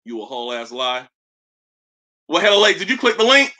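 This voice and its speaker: A man's voice: on the high side, big pitch swings, moderate pace, bright, forceful tone. A man hosting a livestream, casually trash-talking and joking in a loose, laughing way. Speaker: livestream host. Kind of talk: casual roast commentary on a livestream.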